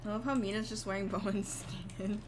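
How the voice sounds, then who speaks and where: A woman streamer chatting casually during a late-night game, drawn-out and giggly. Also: mid-range voice, fairly even intonation, noisy background. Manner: slow, drawn-out talk broken by frequent giggles.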